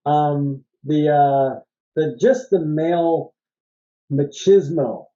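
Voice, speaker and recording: A man's voice: fairly high pitch, slow, mellow, lo-fi sound. A man co-hosting a casual movie review chat, who laughs often and acts out lines from the film. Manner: laughs often, mimics characters in quotes. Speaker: co-host.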